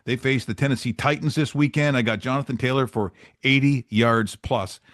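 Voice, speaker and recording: A man's voice: mid-range voice, normal speed, a bit bright, no room sound, clean studio sound. A man hosting a sports betting show, giving casual picks in a chatty, joking way with loose asides.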